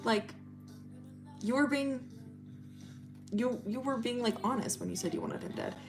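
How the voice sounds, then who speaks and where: A woman's voice: fairly high pitch, unhurried, over music, voice pushed up, lightly acted. A woman voicing a manipulative, deranged young man in her own casual, insistent retelling voice.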